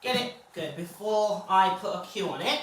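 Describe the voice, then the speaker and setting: A woman dog trainer, explaining steps calmly and then praising the dog in a high, excited voice. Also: normal speed, a little hiss or hum. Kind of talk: live training session commentary. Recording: very echoey, distant from the mic.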